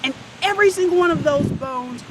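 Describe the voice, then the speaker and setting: Lively woman teaching kids outdoors. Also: high voice, brisk. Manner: animated, emphatic, addresses kids directly. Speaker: health and physical education teacher. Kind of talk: energetic lesson to children. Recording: hissy outdoor recording.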